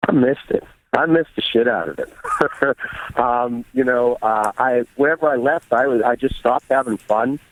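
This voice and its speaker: A man's voice: medium pitch, moderate pace, no room sound, poor audio. Candid, profane man telling stories. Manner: candid, profane, animated retelling. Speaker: guest bodybuilder. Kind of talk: casual storytelling interview.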